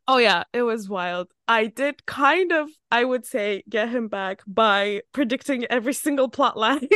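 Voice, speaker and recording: A chatty woman hosting a podcast, with a voice pitched a little high. She tells stories animatedly and laughs often, recorded dry and close. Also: animated, unhurried, fairly bright tone, no echo. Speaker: podcast host. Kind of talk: casual interview chat.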